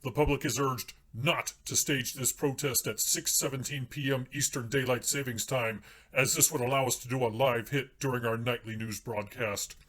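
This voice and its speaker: A man's voice: medium pitch, steady tone, moderate pace, few pauses, a bit bright, close to an everyday voice. A man playing a pompous TV news anchor. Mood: formal. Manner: stiff, formal newsreader delivery.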